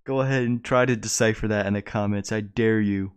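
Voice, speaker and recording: A young man doing game commentary as a gaming YouTuber, excitable, laughing often and crying out in surprise. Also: lowish voice, brisk, smooth.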